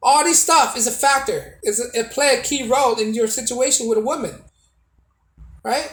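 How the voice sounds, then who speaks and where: A man's voice: very high voice, moderate pace, a bit bright, roomy sound, poor audio. A man giving a casual opinion monologue to camera as a video blogger, preachy and repetitive, with many restarts and tag questions.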